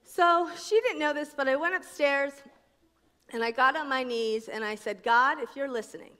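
A middle-aged New Jersey woman shares her personal testimony at a faith conference, speaking at a moderate pace with the ease of a seasoned speaker. Her voice is high, bright, and crisp, and she performs each voice she quotes. A long echo from the conference hall lingers behind her.

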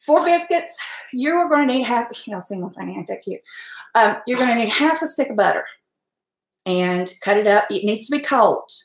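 A middle-aged woman, hosting a casual cooking stream from her home kitchen, folksy and chatty, laughing often and talking fast from nerves. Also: fairly high pitch, animated. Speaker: home cook and channel host. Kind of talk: casual cooking livestream chat. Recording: echoey kitchen room.

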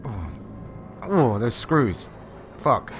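A man giving wry, sarcastic let's-play commentary while playing a horror game, swearing often and yelling when startled. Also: sits low, animated, a little slow, over loud music. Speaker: gaming video host.

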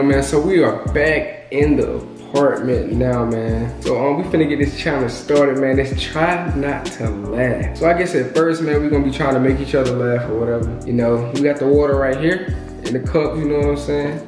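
A man's voice: mid-range voice, normal speed, music in the background. Slangy, boastful young man with echo. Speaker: YouTube host. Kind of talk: casual couple challenge chat.

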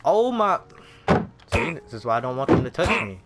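A gaming video creator with a medium-pitched voice talks very fast and animatedly over game music. His casual commentary on his own play is jumpy and full of exclamations aimed straight at the game.

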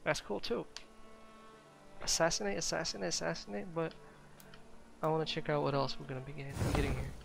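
A man's voice: a little high, fast talker, gravelly. A young man commenting casually on his own gameplay, mixing joking threats with frequent laughter. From Ukraine. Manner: playful mock-menacing trash talk, laughs often. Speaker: gaming channel host. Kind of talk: casual let's-play commentary. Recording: steady background noise.

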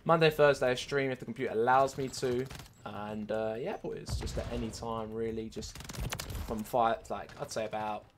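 A man's voice: medium pitch, normal speed, a little hiss or hum. A young man giving casual commentary over his gameplay, swearing a lot and talking to his viewers as boys and mates. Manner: swears often, frustrated and animated, talks to viewers as boys and mate. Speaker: gaming streamer. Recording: game gunfire behind the voice.

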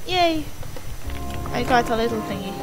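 A woman's voice: a little high, expressive, moderate pace, poor audio. A young woman giving casual gameplay commentary, rambling, hesitating and swearing now and then. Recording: music playing behind.

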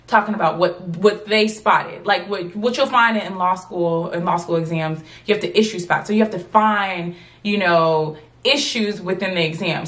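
Chatty twenty-something woman vlogger. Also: medium pitch. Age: 20s. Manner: animated, chatty, addresses viewers as y'all. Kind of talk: storytime vlog.

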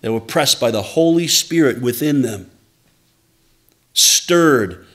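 Man, pastor, conversational sermon, middle pitch, playful asides. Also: expressive, slow, fairly bright tone.

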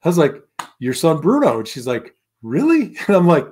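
Guy in his 50s telling stories on a podcast, kinda high voice, really animated, does everyone's voices. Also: moderate pace, breathy edge. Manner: animated, acts out quoted voices, laughs often. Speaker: guest, former pro football lineman. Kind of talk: casual interview storytelling.

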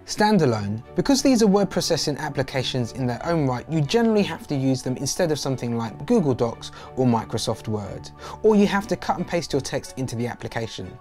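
Lively man explaining software. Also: medium pitch, a little fast, soft background music. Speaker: host. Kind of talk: explanatory tutorial voice-over.

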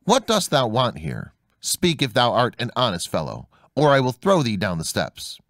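A man's voice: mid-range voice, wildly swooping pitch, normal speed, a bit bright, no echo, clean studio sound. A man voicing a simple, fearless young man who speaks plainly, stubborn and earnest, in a storybook reading. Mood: threatening.

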